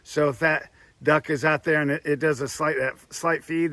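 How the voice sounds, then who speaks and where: A man's voice: fairly high pitch, fairly even intonation, moderate pace, bright, forceful tone, low-quality recording. A man teaching duck calling in a plainspoken instructional manner, often repeating himself as he explains. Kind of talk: instructional demonstration.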